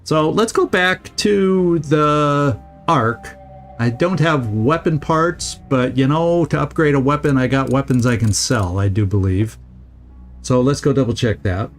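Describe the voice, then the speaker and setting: A man commenting casually on his video game stream, chatty and quick to laugh. His voice sits at an everyday middle pitch. Soft game music plays faintly behind him. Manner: chatty, laughs often, talks to chat. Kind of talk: casual let's-play commentary.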